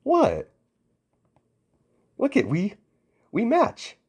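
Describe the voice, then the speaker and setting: Man doing a teasing young woman, raised pitch, bouncy, pushy. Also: big pitch swings, unhurried, dark tone, breathy edge. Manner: teasing, coaxing. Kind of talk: amateur story voicing.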